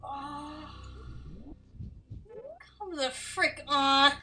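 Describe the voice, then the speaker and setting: A woman's voice: sits high, steady tone, very slow, slight background noise. A young woman giving live commentary while she plays a game, exasperated and talking to herself in outbursts. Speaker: streamer playing a game. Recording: distant mic under loud game music.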